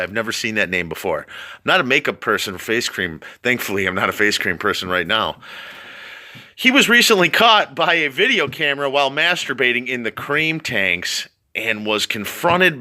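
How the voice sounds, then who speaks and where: Giggly man with a sharp, lively voice. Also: mid-range voice. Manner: keeps breaking into laughter, rambling asides. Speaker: vlogger reading out a news story. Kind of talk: casual commentary on a read-aloud story.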